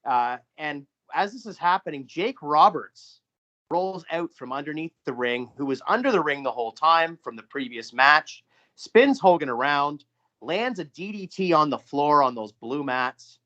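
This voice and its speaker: A man co-hosting a podcast, recounting a booked match in a halting way with frequent restarts. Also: fairly high pitch, lively intonation, sharp tone, dull audio. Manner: halting, many restarts and fillers. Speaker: podcast co-host. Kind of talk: casual podcast chat, narrating fantasy wrestling booking.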